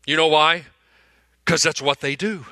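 Bright-voiced preaching man, dry sound. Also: fairly high pitch, fairly even intonation, unhurried, no room sound. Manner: emphatic preaching, repeats phrases, swings from loud to hushed. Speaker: pastor. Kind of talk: sermon.

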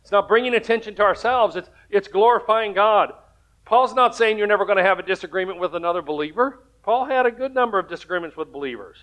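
A man's voice: high voice, quick pace, fairly bright tone. A man preaching a sermon as pastor, telling stories in a conversational way and rising to emphatic points.

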